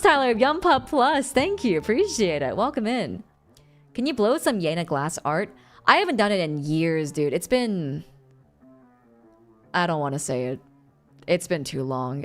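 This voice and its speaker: Lively young woman chatting on stream. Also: fairly low pitch, moderate pace, soft background music. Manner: animated, laughs often, reads chat aloud. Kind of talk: casual live-stream chat.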